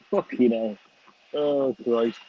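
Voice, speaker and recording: Outdoors on a windy, sunny day, a chatty Scouse vlogger from England livestreams in a warm, mid-range voice, cursing freely and thanking viewers by name. The slightly dull, lo-fi stream audio has a little hiss or hum.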